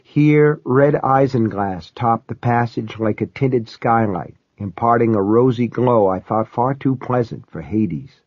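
Reading a first-person tale, this male audiobook narrator keeps an even, measured pace. He has a medium pitch, and there's no room sound in the somewhat lo-fi, dull, dry recording.

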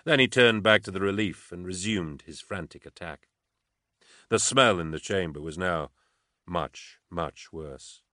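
A man's voice: deep voice, measured pace, pushed and bright, no echo, studio quality. A man narrating fiction steadily as an audiobook narrator.

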